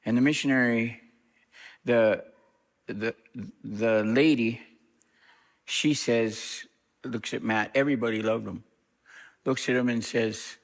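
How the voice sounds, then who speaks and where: A middle-aged reverend, a man, telling a story in an interview, lively and acting out what others said. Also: slow, long pauses. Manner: animated storyteller, acts out quoted speech with big pitch jumps.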